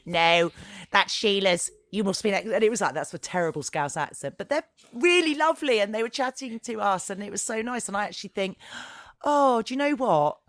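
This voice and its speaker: Southern English woman, forties, podcast co-host; animated, rambling storyteller, very lively pitch. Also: fairly quick, dry recording, studio quality. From London. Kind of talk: casual chat.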